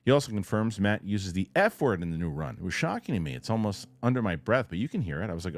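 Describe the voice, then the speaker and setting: A man hosting a casual news-reaction chat show, talking in a rambling, animated way with loose restarts. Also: fairly low pitch, fast talker, vocal fry, hardly any pauses, dry recording. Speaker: show host.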